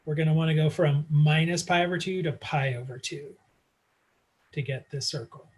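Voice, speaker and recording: Man, slightly high voice, math lecturer, casual explaining, fillers, computer mic. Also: moderate pace. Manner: casual, talks while working problems, many fillers. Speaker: math instructor. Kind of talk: online lecture.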